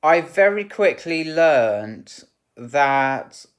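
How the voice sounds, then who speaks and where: A man tells a personal story to camera at a slow, unhurried pace. His talk rambles and halts, full of restarts and fillers. He speaks with candid, open emotion. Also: fairly high pitch, very animated, smooth. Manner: rambling and halting, full of "you know" and restarts.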